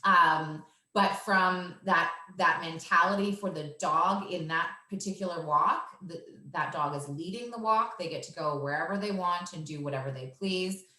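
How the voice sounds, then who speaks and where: Confident woman dog trainer, crisp forceful tone, talks through her methods plainly. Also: lowish voice, moderate pace, few pauses, roomy sound. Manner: assured, explanatory, laughs easily. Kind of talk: casual interview answers.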